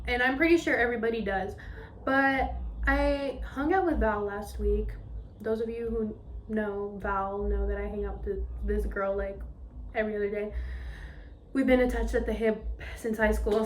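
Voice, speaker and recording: Young woman, podcast host, casual and candid, slightly high voice, echoey room. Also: a little hiss or hum. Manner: candid, expressive, swears freely, fillers like "um" and "like". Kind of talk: casual chatty podcast monologue.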